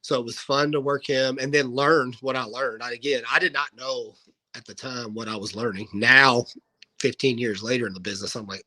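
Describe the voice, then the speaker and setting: Bright-voiced man telling wrestling stories. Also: mid-range voice, moderate pace, low-quality recording. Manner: animated anecdote-telling, acting out quoted dialogue. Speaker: guest, professional wrestler. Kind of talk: casual storytelling in an interview.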